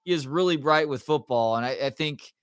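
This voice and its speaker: A man's voice: on the high side, a little fast, smooth, no echo. Dry-voiced man telling family stories. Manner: storytelling, animated retelling of family anecdotes. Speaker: podcast co-host. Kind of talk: casual sports talk.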